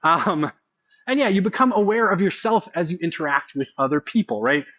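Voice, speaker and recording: A man's voice: sits high, animated, a little fast, fairly bright tone, muffled recording. A man giving a casual college sociology lecture, often checking in with the class by asking "right?".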